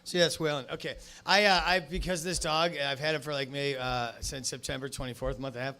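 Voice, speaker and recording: A man's voice: mid-range voice, steady tone, a little fast, sharp tone. A man emceeing a comedy show from the stage, with loose, profane banter between acts.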